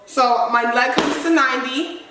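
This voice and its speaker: A woman dance instructor teaching stepping, counting the moves aloud in a brisk, rhythmic way. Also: high voice, far from the mic, background noise. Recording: echoey room, voice off-mic, loud stomping and claps.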